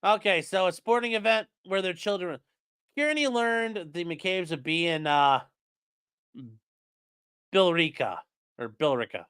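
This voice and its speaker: Man host live-streaming, smooth voice, loose and profane, chatty asides to viewers. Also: high voice, lively intonation, a little slow, pauses often, a bit bright. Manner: rambling, profane, jokey asides to chat. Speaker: livestream host. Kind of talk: casual live-stream commentary.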